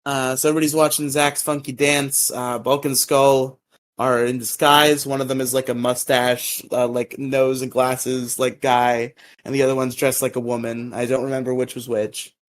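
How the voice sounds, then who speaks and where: A man co-hosts a casual podcast, recapping episodes in lively chat full of filler words. He jumps into quick, exaggerated high-pitched voices to impersonate the characters.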